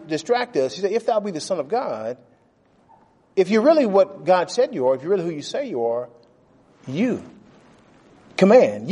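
A middle-aged man with a high-pitched, mellow, slightly rough voice teaches a Bible lesson. His conversational sermon is plain and folksy, repeating phrases for stress and putting questions to his class.

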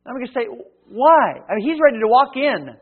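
A man preaching a sermon, swinging from loud emphatic lines to hushed ones and acting out little dialogues. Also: very high voice, expressive, racing. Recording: tinny phone-like sound.

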